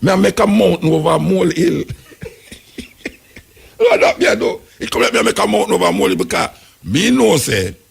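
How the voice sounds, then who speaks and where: A man's voice: sits high, huge pitch swings, brisk, gravelly, husky. A Jamaican man hosting a talk radio show, delivering rambling, emphatic commentary in patois.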